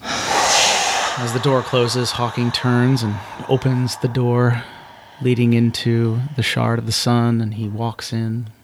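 A man narrating a solo science fiction tabletop game, with relaxed chatty asides. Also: medium pitch, slow pace, slight background noise.

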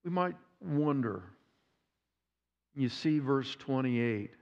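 A man preaching a sermon, retelling a story dramatically with repeated phrases and pauses. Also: mid-range voice, expressive, a little mellow. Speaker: pastor. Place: church sanctuary. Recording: dull sound with long hall reverb.

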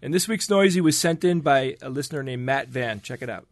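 A man's voice: mid-range voice, expressive, a little fast, very noisy. A man co-hosting a podcast, playfully reading out listener emails in a casual chat. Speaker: co-host presenting a listener quiz segment.

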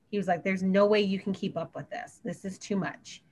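Woman teacher on a podcast, earnest, keeps going in long run-on sentences, mid-pitched voice. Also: fairly even intonation, fast, few pauses, darkish tone. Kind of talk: casual podcast chat.

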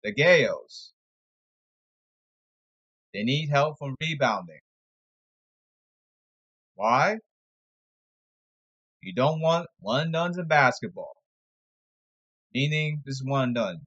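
A man's voice: mid-range voice, animated, slow, pauses often, fairly bright tone, husky, muffled recording. Sarcastic man ranting about sports. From New York area. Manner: sarcastic, exasperated, jumps between topics. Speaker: amateur sports commentator. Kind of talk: rambling sports commentary monologue.

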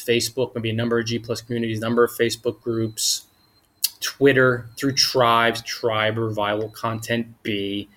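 A man's voice: mid-range voice, fairly bright tone. A man giving an upbeat, informal motivational talk on blogging, full of slang and enthusiasm. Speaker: blogging coach.

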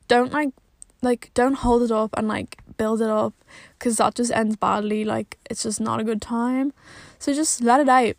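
A woman's voice: fairly high pitch, gravelly, dry recording. A young woman, talking to camera from her car in a blunt, exasperated way, swearing often and filling her speech with "like.". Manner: blunt and exasperated, swears a lot, fills every pause with "like". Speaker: vlogger. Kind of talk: casual rant to camera. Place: sitting in a parked car.

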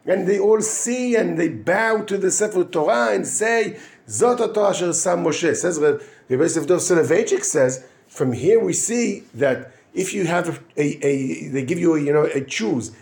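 A yeshiva rabbi gives an informal weekly Torah lesson in English sprinkled with Hebrew terms, answering his own questions. He's halting, with frequent restarts and fillers, in a slightly high, animated, creaky yet somewhat mellow voice.

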